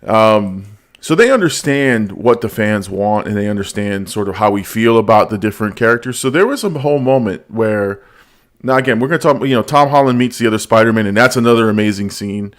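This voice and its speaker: A man hosting a casual podcast, talking about movies in an animated, storytelling way. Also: on the low side, fairly quick. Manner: animated, storytelling with quoted lines and laughs. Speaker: podcast host. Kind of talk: casual movie review chat.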